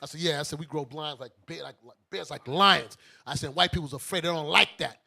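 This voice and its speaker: A man's voice: on the high side, fairly quick, gravelly. A man telling a story to studio friends in casual talk, acting out every voice in it. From Brooklyn. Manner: animated, acts out both sides of a story. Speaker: bishop, radio show host.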